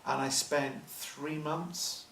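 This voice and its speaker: A man with a fairly high voice spins long, self-deprecating stories, trailing off and restarting as he goes. He sits some way from the microphone in a big echoey hall, with a faint hiss under his voice. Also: fairly even intonation, slow pace, creaky, fairly bright tone. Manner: rambling, self-deprecating, anecdotal with frequent restarts. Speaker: film producer. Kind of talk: storytelling interview answers. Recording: echoey hall, distant mic, faint noise.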